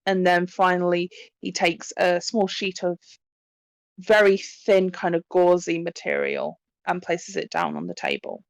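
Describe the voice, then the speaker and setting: Gravelly-voiced woman game master. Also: on the low side, lively intonation, unhurried, no room sound. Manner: chatty, full of ums and likes. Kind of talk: narrating a tabletop game.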